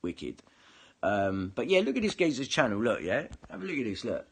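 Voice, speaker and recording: A man's voice: medium pitch, very animated, moderate pace, vocal fry, breathy edge. A man ranting to camera, swearing heavily and combative, often repeating himself. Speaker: online video commentator. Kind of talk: angry ranting monologue to camera.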